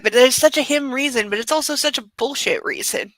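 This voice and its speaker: A woman's voice: high-pitched, fairly quick, hardly any pauses, a bit bright, no echo, rough recording. Wry woman reading a book aloud. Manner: wry, sarcastic asides. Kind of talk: comedic reading with commentary.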